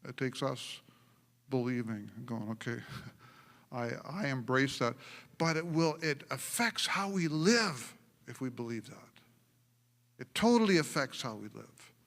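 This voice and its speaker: Male pastor, animated sermon storyteller, bright tone, echoing church sanctuary. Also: medium pitch, measured pace. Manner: animated storytelling with frequent laughs and restarts. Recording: long church hall reverb.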